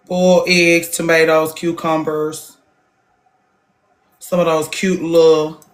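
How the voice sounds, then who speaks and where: A woman hosts a casual livestream chat, speaking bluntly and animatedly. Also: slight background noise. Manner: blunt and animated, jumps into higher voices for emphasis. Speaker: podcast host.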